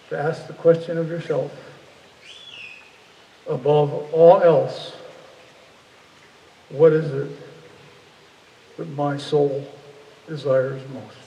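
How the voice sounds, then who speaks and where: A man's voice: a little high, muffled recording. A man giving a reflective public talk to an audience, earnest and searching, often restarting his sentences. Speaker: guest speaker. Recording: echoey hall from far off, faint ambience.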